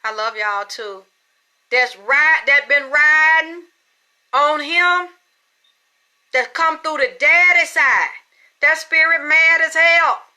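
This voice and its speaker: A middle-aged woman giving a spiritual reading, telling a story in blunt, salty, animated language. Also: high-pitched, takes it slowly, pauses often. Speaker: spiritual reader. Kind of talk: profane storytelling chat.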